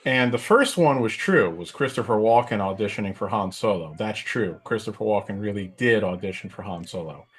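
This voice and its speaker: A man's voice: lowish voice, lively intonation, brisk, few pauses, slightly rough. A middle-aged man co-hosting a casual chat, rambling with lots of fillers while he tells a story. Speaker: podcast co-host.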